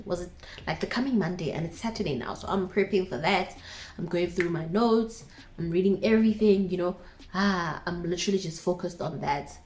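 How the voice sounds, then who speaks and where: A young woman in her twenties with a South African accent, casually telling a dramatic personal story to her viewers with asides. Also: lowish voice. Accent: South African English.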